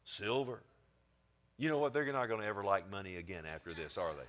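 A male preacher giving a sermon, swinging between quiet, low passages and emphatic ones, often calling for amens. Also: expressive, brisk. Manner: asks the congregation for amens.

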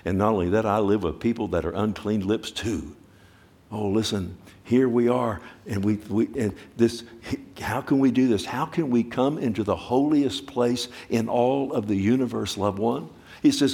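A man preaching a sermon, asking the listeners direct questions and swinging between hushed asides and loud exclamations. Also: mid-range voice.

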